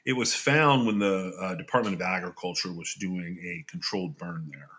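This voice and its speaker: A man's voice: sits low, moderate pace, bright, forceful tone. A man hosting a true-crime podcast, reading case details aloud and adding his own casual asides. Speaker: podcast host.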